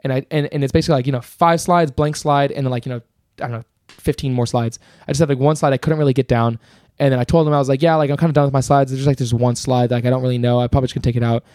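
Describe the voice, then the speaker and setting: In studio-quality audio with no room sound, a young man of medium pitch races through a long story while co-hosting a podcast. It's casual chat, and he's an animated, rambling storyteller packed with fillers and restarts.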